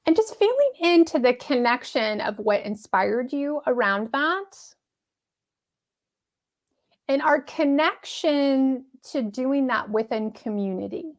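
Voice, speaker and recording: A woman's voice: high-pitched, animated, unhurried, few pauses. A woman hosting a casual live-streamed pep talk, chatty and upbeat, laughing often and reading viewer comments aloud.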